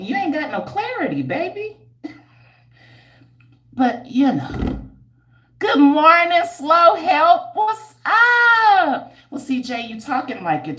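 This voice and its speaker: Reading out viewer comments on a casual livestream, this woman, who runs a hair care business, is blunt, slangy and teasing. Her fairly high voice bounces around an echoey room as she turns animated and preachy, squealing and laughing often.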